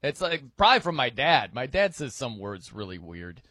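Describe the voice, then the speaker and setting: Chatty animated male radio host. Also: medium pitch, moderate pace, no room sound, clean studio sound. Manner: chatty, laughing, mimics voices in anecdotes. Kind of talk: casual sports radio chat.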